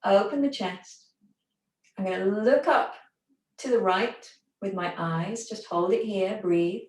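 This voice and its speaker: A woman leads a gentle stretching and breathing class, talking calmly and slowly through each step. Her voice sits at a middle pitch and comes from a little way off the mic, with a roomy echo around it. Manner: calm, gentle step-by-step instructions. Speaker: recovery class instructor. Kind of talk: guided gentle exercise class. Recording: echoey room, voice from far off.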